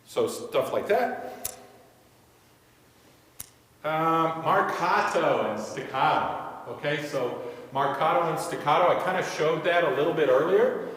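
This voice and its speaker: A man's voice: on the high side, lively intonation, a little slow. A male music instructor giving a classroom lecture on conducting, counting beats aloud as he demonstrates. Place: large echoey room. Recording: echoey hall, voice from a distance.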